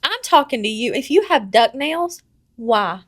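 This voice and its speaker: A woman's voice: on the high side, expressive, a little slow. A woman co-hosting a podcast in casual chat, brash, profane and teasing. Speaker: podcast co-host.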